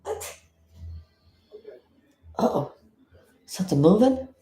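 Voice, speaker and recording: A woman's voice: medium pitch, very animated, takes it slowly, mellow, reverberant, soft background music. A woman from South Florida giving blunt, indignant live commentary as a vlogger, swearing freely.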